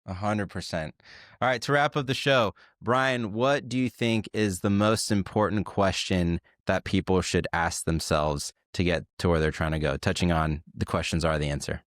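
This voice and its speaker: A man co-hosting a podcast in casual chat, thoughtfully telling parables and trailing off quietly at the ends of lines. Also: sits low, steady tone, moderate pace, dry recording, clean studio sound. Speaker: podcast co-host.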